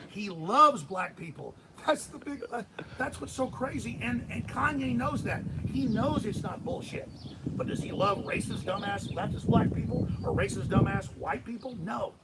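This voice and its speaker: A middle-aged man hosting a live stream, ranting heatedly with a gravelly voice, swinging between shouting and muttering. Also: high voice, animated, moderate pace, very noisy. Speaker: host.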